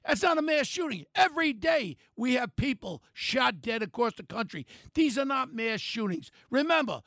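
A gravelly older man rants bluntly on talk radio, his voice raised and angry and pitched fairly high. He sounds close and dry on the mic, with no room around him. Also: very animated, moderate pace, no echo. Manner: blunt, angry, shouting at times. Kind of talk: opinionated talk radio rant.

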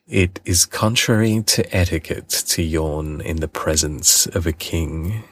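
A man voicing a proud, pompous old king in a storybook reading, issuing grand, measured decrees. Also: sits low, no echo. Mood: stern.

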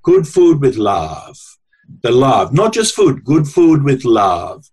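A man's voice: mid-range voice, big pitch swings, slow, darkish tone, husky, heavily acted. Man doing an emphatic old Italian nonna with a heavy accent, blunt and earthy. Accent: put-on Italian-English broken speech. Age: older. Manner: emphatic, repeats itself, blunt. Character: short stout Italian grandmother in her seventies, earthy and blunt.

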